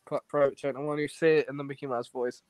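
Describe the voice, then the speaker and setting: A man co-hosting a live stream in casual chat, excitable, quick and profane. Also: mid-range voice. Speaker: stream co-host.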